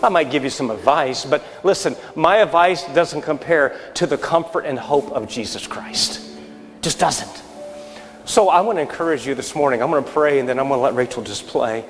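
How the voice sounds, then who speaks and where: A man in his thirties preaching a sermon, telling a story with acted-out dialogue and lively shifts between excited and hushed delivery. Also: medium pitch, normal speed. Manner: animated storyteller, acting out dialogue, dropping to a hushed close. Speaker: pastor. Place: church sanctuary. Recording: reverberant church live stream with faint music.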